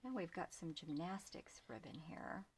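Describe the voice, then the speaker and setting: A woman's voice: on the low side, normal speed, gravelly, background noise. An older woman with grandchildren, chatting casually as she shows off ribbons from her shop, often dropping to a near whisper. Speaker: small shop owner showing ribbons. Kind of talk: casual product show-and-tell.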